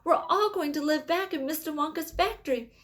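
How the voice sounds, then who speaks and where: A woman reading aloud, voicing an eager, earnest young boy in a storybook with a raised, excited voice. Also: high-pitched, fairly quick, pitched above the performer's own voice.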